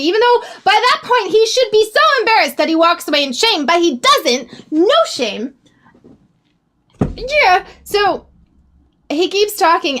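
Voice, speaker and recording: A young woman vlogger telling a casual story, rambling and animated, with sudden exclamations. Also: high voice. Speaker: YouTuber.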